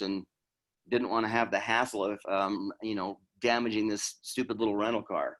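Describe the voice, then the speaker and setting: Middle-aged guy from utah, trainer telling a story, talks casual, acts out the lines, normal pitch. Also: brisk, a bit bright. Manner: conversational, acts out dialogue. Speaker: law enforcement trainer.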